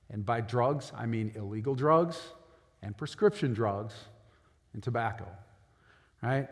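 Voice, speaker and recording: A lawyer giving a casual, conversational talk to high school students, often checking in with "right?". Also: male voice. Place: school auditorium. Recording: echoey hall with long reverb.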